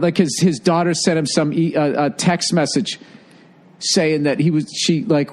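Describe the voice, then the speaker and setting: A middle-aged man telling a story on a casual podcast. He talks fast and animated, cursing and laughing, in a slightly raised voice. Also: fairly high pitch. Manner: animated, profane, laughing through his story. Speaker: podcast host.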